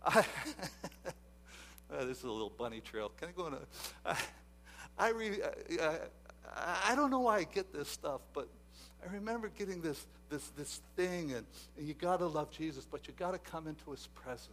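High bright-voiced preacher, hushed to booming. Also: male voice, expressive, moderate pace, a little hiss or hum. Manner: swings between hushed asides and loud emphatic exhortation; repeats words and restarts often. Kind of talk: sermon.

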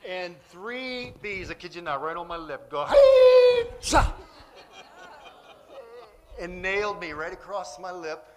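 A man telling a lively personal story in a sermon, acting out the dialogue as he goes. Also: high-pitched, brisk, hardly any pauses, a crowd in the background. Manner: animated storyteller, acts out quotes, grows loud and excited.

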